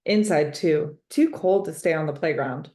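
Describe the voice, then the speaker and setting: A woman's voice: low voice, normal speed, warm tone, reverberant, close to an everyday voice. A woman reading a storybook aloud and voicing a shy schoolgirl who is shivering from the cold. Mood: shivery.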